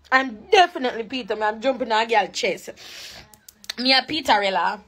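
Woman, impassioned preachy livestream rant, tearful at times, higher voice. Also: fast talker, a bit bright. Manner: emotional and preachy, switching between patois and standard English. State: crying at times. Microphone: phone.

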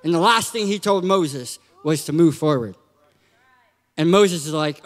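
A man preaching a lively sermon in a church, joking and acting out quotes with sudden shouts. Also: a little high, measured pace, long reverb tail. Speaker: guest preacher.

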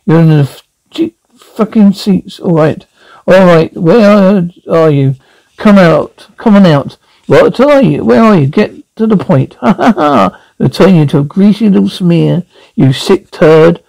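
A man's voice: sits high, a little slow, vocal fry, mellow, no echo, low-quality recording. A man voicing a vicious, foul-mouthed male ventriloquist dummy that snarls crude heckling in a radio drama. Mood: snarling.

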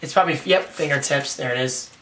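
A young man with a hoarse, raspy voice, excitedly rambling through a casual unboxing vlog. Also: mid-range voice, quick pace, distant mic, a little hiss or hum. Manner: excited, rambling, self-deprecating. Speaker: tech vlogger.

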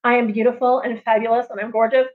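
A woman's voice: on the high side, level tone, fast talker, lightly acted. A woman voicing a vain, boastful male raven in a told story, drawling his self-praise. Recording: dull lo-fi livestream audio.

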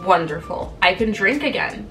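A woman in her twenties talking to camera in a casual, candid way, storytelling and acting out quoted lines with lively energy. She sits a bit back from the microphone. Soft music plays faintly underneath. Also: mid-range voice, moderate pace, far from the mic. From Canada. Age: 20s. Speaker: vlogger.

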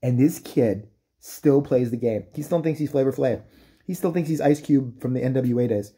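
A man with a mellow, husky, mid-range voice speaks at a normal speed. He's a comedic commentator on a profane, mocking rant, slipping into exaggerated impressions.

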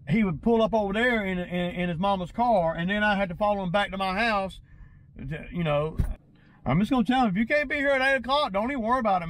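A man's voice: high voice, fairly bright tone, rough recording. A man venting to his viewers in a casual vlog, agitated and rambling, tripping over and repeating his words. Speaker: lawn care business owner.

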